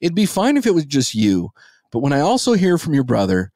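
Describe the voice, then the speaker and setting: Homem exasperado com voz expressiva. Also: male voice, a little high, huge pitch swings, a little fast, darkish tone, no echo, studio quality. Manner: exasperated, profane ranting. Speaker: podcast co-host. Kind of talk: casual podcast chat.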